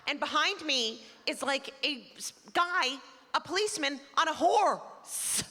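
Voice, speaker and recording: A woman's voice: high voice, expressive, measured pace, noisy background. A middle-aged woman from Canada performing a stand-up comedy set, chatty and self-deprecating, acting out characters. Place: performing arts center stage. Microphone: stage microphone. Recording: live theater with long reverb.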